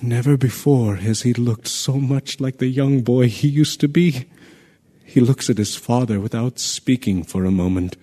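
A man's voice: mid-range voice, a little mellow. A man voicing a messenger who vividly recounts a tragedy in a radio drama. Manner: vivid storytelling. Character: urgent male messenger telling of tragedy.

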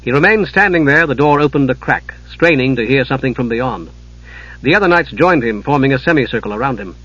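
A man reading an audiobook in a measured, dramatic narration, on a dull lo-fi recording. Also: medium pitch, expressive, fairly bright tone, slightly rough.

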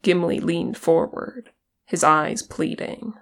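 An audiobook reader narrating fan fiction in a steady, even storytelling manner. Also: medium pitch, takes it slowly, vocal fry. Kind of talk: reading fan fiction aloud.

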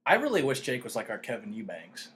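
A man's voice: mid-range voice, wildly swooping pitch, quick pace, a bit bright, a little hiss or hum. A man co-hosting a podcast in casual chat, laid-back and slangy, with a drawling delivery. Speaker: podcast co-host.

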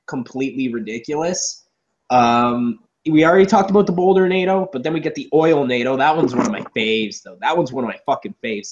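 Sarcastic man riffing on a bad movie. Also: fairly high pitch. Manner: sarcastic, swears freely, animated. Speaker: podcast co-host. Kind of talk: casual movie review chat. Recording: dull lo-fi audio.

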